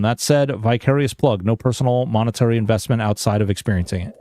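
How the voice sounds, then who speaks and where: A man's voice: mid-range voice, quick pace, a little mellow, no room sound. Chatty male game streamer. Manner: chatty, reads viewer messages aloud, frequent fillers. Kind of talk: casual livestream chat.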